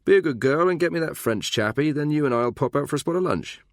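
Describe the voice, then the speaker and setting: A man's voice: a little high, expressive, fast talker, dry recording, clean studio sound, pitched above the performer's own voice. A man voicing a smug, patronising middle-aged official in an audiobook. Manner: patronising, smooth.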